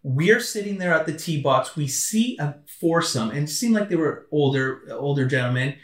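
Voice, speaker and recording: Male co-host, lively storyteller who acts out quotes, recorded in an echoey room from a distance. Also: fairly high pitch, moderate pace. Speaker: podcast co-host. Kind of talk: casual chat, storytelling.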